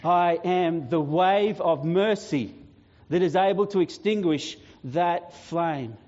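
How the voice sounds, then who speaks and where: A man voicing a risen divine saviour who defiantly answers Death in a dramatic sermon monologue, proclaiming slowly and solemnly. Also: high-pitched, a little hiss or hum. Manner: slow, solemn proclaiming with long pauses, growing quieter and weightier. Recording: dull lo-fi sound.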